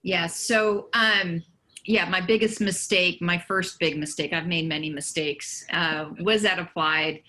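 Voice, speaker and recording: A woman on a panel telling career stories in a lively way, laughing now and then. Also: lowish voice, measured pace, low-quality recording. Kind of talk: casual panel storytelling.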